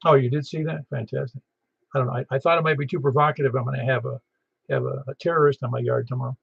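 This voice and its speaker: A man's voice: mid-range voice, steady tone, fast talker, creaky, slightly rough, no room sound. A man hosting an amateur radio net in casual chat, rambling and telling stories with many restarts. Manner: rambling, chatty, self-interrupting storyteller. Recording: slightly muffled lo-fi audio.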